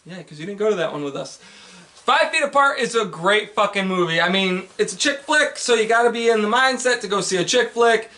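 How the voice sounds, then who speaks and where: A man's voice: high voice, animated, a little fast, pushed and bright. A man co-hosting a casual movie podcast, blunt and swearing freely, a bit tipsy. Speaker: podcast co-host.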